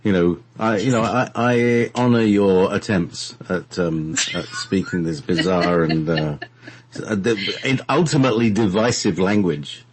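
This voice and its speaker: A man's voice: deep voice, unhurried, a little hiss or hum. A man from England in casual chat, laughing often and stumbling over restarts as he plays with accents. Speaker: guest.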